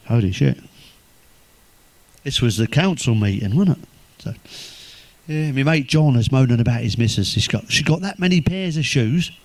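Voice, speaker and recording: A man telling crude stand-up jokes, swearing constantly, delivering deadpan one-liners and laughing at his own punchlines. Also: mid-range voice, no room sound. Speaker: comedian.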